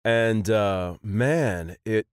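A man in his thirties, a voice actor, telling stories in a casual chat, animated and laughing often. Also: lowish voice, drawn-out words, smooth, dry recording, clean studio sound. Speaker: voice actor guest.

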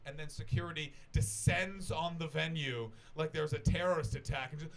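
Telling a rambling story to a live audience at a small festival venue, a Canadian comic speaks fast in a mid-range voice with few pauses. He's self-deprecating, swears a lot, and voices the characters in his tale.

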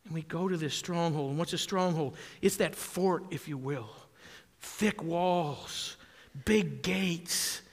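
Man preaching, from southwest wisconsin, high bright voice, calls for amens, long reverb. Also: slow. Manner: animated preaching, calls for amens, shouts at peaks. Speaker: pastor. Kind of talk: sermon.

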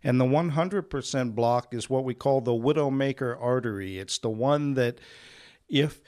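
A man's voice: mid-range voice, normal speed, darkish tone. A man, a pastor and radio host, giving an earnest personal testimony with humorous asides in a radio studio.

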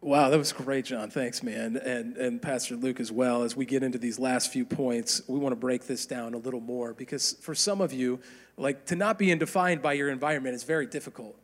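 A man's voice: medium pitch, fairly even intonation, brisk, big-room sound. A man preaching a sermon in an encouraging, conversational teaching manner. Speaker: pastor.

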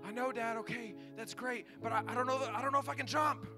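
A man's voice: extremely high pitch, fairly even intonation, fast, over music, pitched above the performer's own voice. A man voicing his young son, a nervous little daredevil who stammers and hesitates. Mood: anxious.

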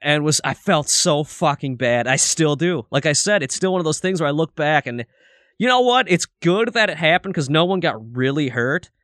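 A man's voice: on the high side, lively intonation, moderate pace, fairly bright tone, no echo, clean studio sound. A man in his thirties co-hosting a podcast, telling a rambling, profane story in casual chat. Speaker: podcast co-host.

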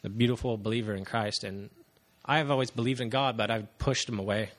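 A man in his thirties giving an earnest, halting personal testimony to a congregation, with frequent pauses and fillers. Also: on the low side, fairly bright tone. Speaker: church member giving testimony.

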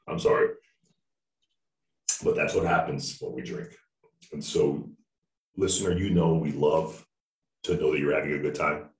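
A man with an extremely deep voice chats casually as a podcast co-host, rambling, joking and restarting his sentences. He sounds a bit distant from the mic in a roomy, echoey space. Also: a bit bright. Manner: rambling, jokey, restarts often.

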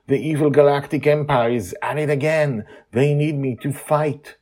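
A man voicing an eager, dramatic female dreamer who rushes off to fight, in a read-aloud story. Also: a little high, steady tone, darkish tone, voice pushed up, lightly acted. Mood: excited.

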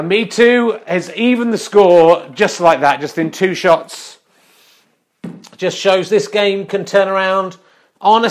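High-voiced man doing mock snooker commentary. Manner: wry, mock-serious, quick asides. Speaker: comic mock sports commentator.

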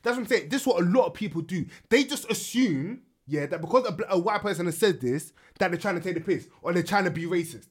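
A man's voice: high voice, fast talker, few pauses, slightly rough. A young man arguing heatedly in a casual group debate, often repeating himself. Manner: animated, interrupts, repeats "that's what I'm saying".

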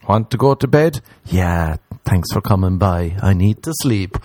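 A man, rambling through a jokey comedy monologue and jumping into high put-on voices. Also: animated, unhurried, hardly any pauses, mellow, dry recording. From Ireland.

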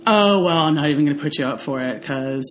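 A woman with a fairly low voice talks in a relaxed podcast chat. She tells stories animatedly, slipping into quoted voices and leaning on fillers. A faint hiss sits under the recording. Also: quick pace. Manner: chatty, animated storytelling with many fillers. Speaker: podcast co-host. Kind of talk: casual chat.

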